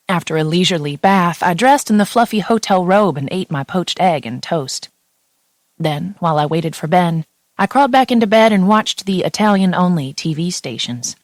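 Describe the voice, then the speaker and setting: A woman reading a first-person romance audiobook in a steady, intimate storytelling voice. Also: fairly low pitch, dry recording. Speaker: audiobook narrator.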